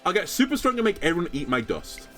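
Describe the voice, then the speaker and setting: A man's voice: sits high, huge pitch swings, fast, a bit bright, soft background music, full character voice. A man reading the lines of a brash, determined tomboyish young racer girl from a game. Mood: fired-up. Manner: boastful, fired-up, determined.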